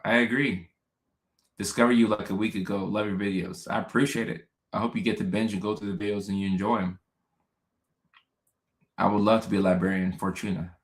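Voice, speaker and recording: A young man hosts a relaxed livestream and chats through viewer comments. He laughs often and repeats himself in a low voice. His voice carries a roomy echo. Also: brisk, vocal fry. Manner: chatty and laid-back, laughing often, repeating phrases. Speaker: host. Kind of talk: casual livestream chat reading viewer comments.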